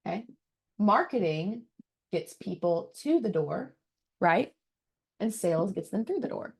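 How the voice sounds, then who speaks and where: A woman marketing coach giving an energetic motivational business talk, speaking straight to her audience and often restarting her words. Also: mid-range voice, unhurried, gravelly, husky. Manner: energetic and emphatic, acts out quoted voices; repeats words when restarting, direct to the audience.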